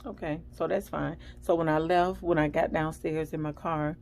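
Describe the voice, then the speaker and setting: A woman's voice: sits low, moderate pace, gravelly, slight background noise, low-quality recording. A woman vlogger chatting casually and animatedly as she tells a story. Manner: chatty, animated, acts out the people in her story.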